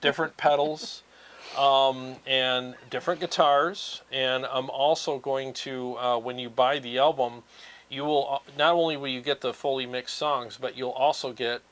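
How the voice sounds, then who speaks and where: A man hosting a guitar gear livestream, chatting in a relaxed and rambling way with many fillers. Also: medium pitch, unhurried. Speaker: guitar gear channel host. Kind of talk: casual livestream chat.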